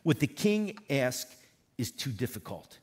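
Animated husky male preacher. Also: medium pitch, measured pace. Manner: animated preaching, reads scripture aloud with emphatic repetition. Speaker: pastor. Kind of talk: sermon.

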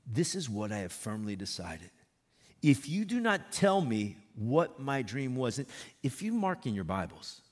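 A man's voice: medium pitch, slightly rough. A man preaching a sermon, reading scripture aloud and retelling it with emphatic repetition. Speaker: pastor.

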